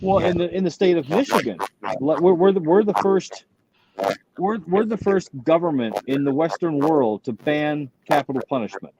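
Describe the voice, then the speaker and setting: A man in a casual comedians' chat, chatty and quick to laugh, with stammering restarts. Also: a little high, lively intonation, crowd noise. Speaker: comedian panelist. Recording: dull dry call audio.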